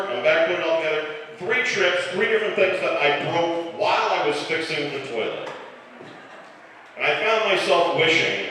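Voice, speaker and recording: A stand-up comedian in his forties from the Chicago area with a slightly softened Chicago accent, telling self-deprecating stories in a dry way with filler pauses. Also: fairly high pitch, distant mic, slight background noise. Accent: Chicago, mostly softened. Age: 40s. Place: live comedy club stage. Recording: echoey club hall, mic heard from afar.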